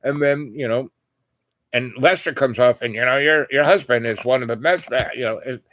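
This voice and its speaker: A man's voice: mid-range voice, normal speed, fairly bright tone. An older man telling a long personal story in casual chat, meandering with lots of "you know" and restarts, and acting out other people's voices. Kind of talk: rambling personal anecdote.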